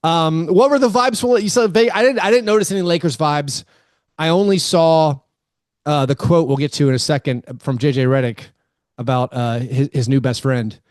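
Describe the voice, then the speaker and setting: A man's voice: a little high, moderate pace, darkish tone, no echo, clean studio sound. A man co-hosting a sports podcast in casual chat, joking around, laughing often and riffing on quotes. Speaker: podcast co-host.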